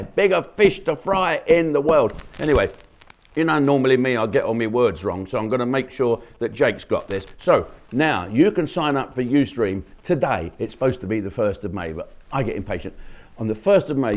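Older man, comic host, blunt and mocking, sweary rant, mid-pitched voice. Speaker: comedian and channel host. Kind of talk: rambling opinionated monologue.

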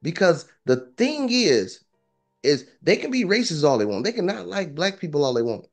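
A man, a property investor, telling a story in a relaxed, informal way and often repeating phrases. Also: a little high. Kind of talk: casual storytelling interview.

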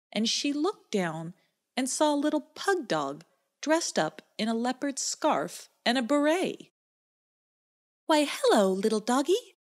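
Lowish-voiced woman reading a children's story. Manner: gentle, expressive storytelling. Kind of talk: scripted children's story narration.

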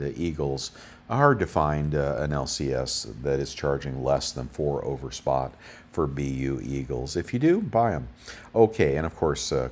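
A man's voice: a bass voice, darkish tone. A man hosting a bullion deals show, giving casual, rambling market commentary full of fillers as he reads off prices.

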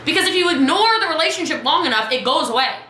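A woman coaching her team on a live video, chatty and lively, calling out viewers by name. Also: high voice, fast, echoey room, poor audio. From Texas. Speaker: business coach.

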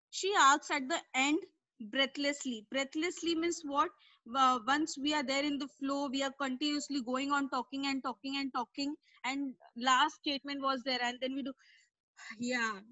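High, bright-voiced teacher. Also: female voice, dry recording, poor audio. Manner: explains word meanings patiently, repeating herself. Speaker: English teacher. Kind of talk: online class lesson explaining a story.

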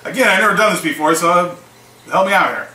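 Bright-voiced man telling a story. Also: sits high, fast talker. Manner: recounts events, acting out both sides of conversations. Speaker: small online seller vlogger. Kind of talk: casual storytelling. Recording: echoey room, mic at a distance, faint hiss.

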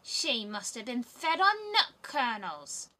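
A woman voicing a coarse, greedy old female robber in a storybook reading, with loud, drawn-out exclamations. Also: fairly high pitch, big pitch swings, pitched above the performer's own voice, full character voice. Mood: gloating.

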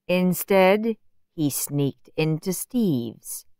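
Slow, expressive woman storyteller. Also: on the low side, dry recording, studio quality. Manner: expressive, playful. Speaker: audiobook reader. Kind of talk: storybook narration. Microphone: close studio mic.

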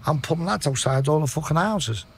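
A middle-aged Liverpool man with a gravelly, husky voice tells his story in a podcast interview. He talks bluntly and swears freely, keeping his voice low as he recounts what happened. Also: expressive, fairly quick. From Liverpool, England. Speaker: podcast guest.

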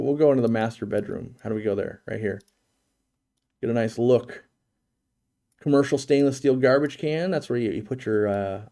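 A man's voice: mid-range voice, gravelly, warm tone. A man hosting a live stream, giving a casual, joking commentary on a virtual home tour and thinking aloud with many restarts.

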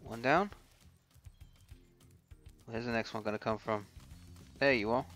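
A man's voice: medium pitch, unhurried, a bit bright. A man casually commenting while playing a video game, chatting to the characters and grumbling now and then. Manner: chatty, talks to game characters, mild swearing. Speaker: let's play host. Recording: voice with game music underneath.

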